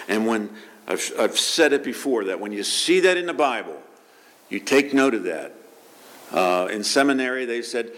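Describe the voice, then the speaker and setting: Man preaching with lively rhetorical questions. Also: lowish voice. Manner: animated preaching with rhetorical questions and repeated words. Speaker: pastor. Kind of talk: sermon.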